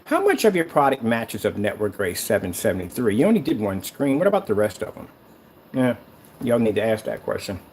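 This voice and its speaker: A man's voice: lowish voice, wildly swooping pitch, brisk, a little mellow, slight background noise. A man who makes screen paint, delivering a sarcastic, rambling online rant that taunts a rival.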